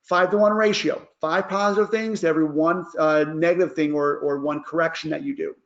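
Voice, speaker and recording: A man's voice: on the high side, fairly even intonation, brisk, lo-fi sound. A man who works as a life coach gives a casual parenting advice lesson and keeps checking in with "all right?".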